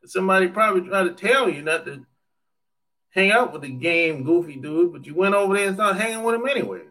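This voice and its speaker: A man's voice: high-pitched, animated, fairly quick, pushed and bright. A man chatting casually on a livestream, joking, swearing freely and laughing often as he answers viewer comments. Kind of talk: casual chat.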